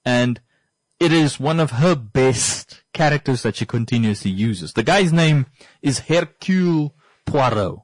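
Male podcast host, mid pitch, dry close sound, rambling and emphatic. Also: lively intonation, a little slow, no room sound. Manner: rambling, emphatic, repeats points for effect. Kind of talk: casual monologue.

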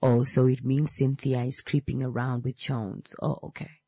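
Woman, 30s, low husky voice, dry close sound; animated teacher who acts out voices and drops slangy asides while teaching. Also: moderate pace, dry recording. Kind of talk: casual lesson with anecdotes.

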